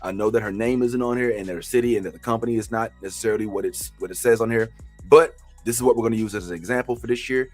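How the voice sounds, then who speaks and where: Animated male tax trainer. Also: on the low side, fast, faint music behind. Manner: animated, joking, preacher-like outbursts. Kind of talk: classroom training.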